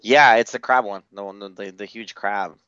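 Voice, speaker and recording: A man co-hosting a podcast, recapping episodes in casual chat, blunt and quick to swear, acting out the characters' lines. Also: lowish voice, fairly even intonation, pushed and bright, clean tone, dry recording, lo-fi sound. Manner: blunt, swears freely, acts out quotes. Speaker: podcast co-host.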